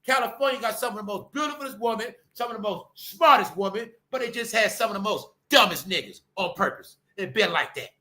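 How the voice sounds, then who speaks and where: A man, ranting bluntly on his commentary channel, jumping from loud outbursts to low mutters. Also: lively intonation, fairly quick, hardly any pauses. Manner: loud, blunt and swinging between shouting and muttering.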